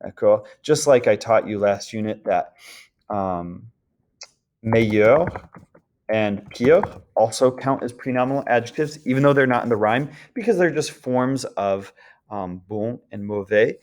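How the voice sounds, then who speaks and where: A man talks his students through a grammar topic in a recorded lesson, at an easy, unhurried pace. His delivery is relaxed and casual, dotted with ums, and he pauses now and then to check that they follow. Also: medium pitch. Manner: relaxed, frequent ums, chants the word list rhythmically. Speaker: French teacher.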